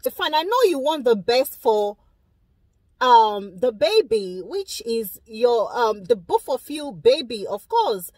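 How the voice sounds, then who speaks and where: Young woman, high voice, emphatic vlog commentary, dry close sound. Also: slow pace, dry recording. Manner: animated, emphatic, addresses viewers directly. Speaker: vlogger reacting to a video. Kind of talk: casual opinionated commentary.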